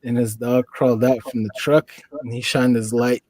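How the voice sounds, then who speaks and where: Guy from the four corners area rambling through a story, warm low voice, dry close mic. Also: level tone, moderate pace, no echo, rough recording. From US Four Corners region. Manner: rambling, leans on "you know". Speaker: podcast guest. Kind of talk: casual storytelling.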